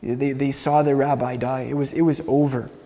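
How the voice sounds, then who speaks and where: A man's voice: mid-range voice, little pitch movement, normal speed, warm tone. A man preaching, retelling a story earnestly with many restarts and repeated words. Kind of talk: sermon storytelling. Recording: long hall reverb.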